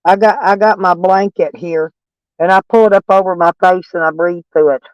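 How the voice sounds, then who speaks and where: A man's voice: sits high, fairly even intonation, moderate pace, clear, resonant tone, no echo, lo-fi sound. A man with a stuffy nose chatting casually with viewers from his van, rambling and plainspoken. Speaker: van life vlogger. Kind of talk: casual live chat with viewers. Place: in a van, door open.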